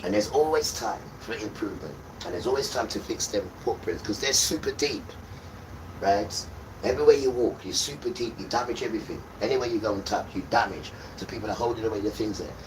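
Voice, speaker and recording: Hosting a livestream, a man with a lowish voice speaks a little fast in a scolding, sermon-like rant, repeating himself and hurling insults. The mic is distant and the background noise is loud.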